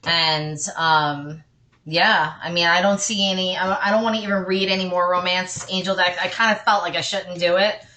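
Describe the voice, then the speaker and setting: A woman's voice: on the low side, flat delivery, normal speed, pushed and bright, a little hiss or hum. A woman doing a casual tarot reading for her viewers, chatty and reassuring, breaking off often for apologetic asides. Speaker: tarot card reader.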